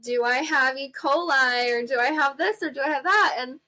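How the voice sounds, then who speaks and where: Bright-voiced chatty young woman. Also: high voice, normal speed. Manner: chatty, lots of fillers, exclaims. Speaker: podcast host. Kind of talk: casual storytelling to listeners.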